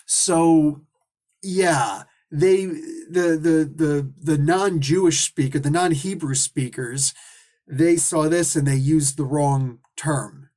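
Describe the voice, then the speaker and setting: A man giving a casual, rambling comic book review, full of restarts, asides and quick put-on voices for the characters. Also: fairly high pitch, darkish tone. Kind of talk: casual solo review monologue.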